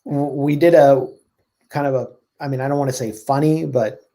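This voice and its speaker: A man, a journalist guest, talking fast and sardonically in casual political chat, with many "like"s and "I mean"s. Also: medium pitch, fairly even intonation, warm tone.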